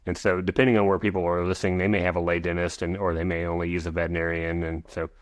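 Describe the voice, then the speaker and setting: A man in his forties speaks in a very low, deep voice, recorded dry and close. He explains at length as a podcast guest, rambling with restarts and asides along the way. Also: little pitch movement, rapid-fire, no echo. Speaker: guest, equine veterinarian. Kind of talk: podcast interview.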